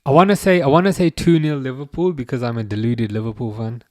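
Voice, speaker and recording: A man in his thirties hosting a live football watchalong, chatting casually and reading out comments, with a halting, restarting way of talking. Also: mid-range voice, fairly even intonation, no echo, clean studio sound. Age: 30s. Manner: halting, many restarts, chuckles often.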